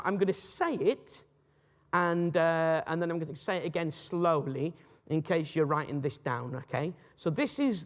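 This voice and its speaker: A high-pitched man teaches an apologetics lesson in a recorded lecture, sounding like he's in a big room. He's animated and conversational, frequently correcting himself mid-sentence.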